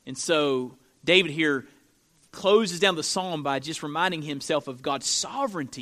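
A man preaching a sermon as pastor. He swings from loud, emphatic declarations to quiet, close-spoken lines, repeating key phrases and asking the congregation questions. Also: a little high, a little slow.

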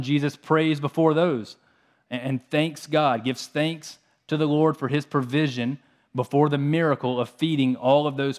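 A man preaching a sermon, reading scripture passages and explaining them in an earnest, steady way. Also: fairly high pitch. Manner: earnest, reads scripture aloud between plain explanations.

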